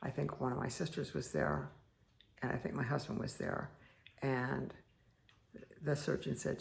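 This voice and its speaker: Woman meditation host, heavy vocal fry, chatty storyteller who rambles with lots of fillers. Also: extremely low pitch, lively intonation, moderate pace, long pauses. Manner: rambling, many fillers and asides. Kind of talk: casual personal storytelling.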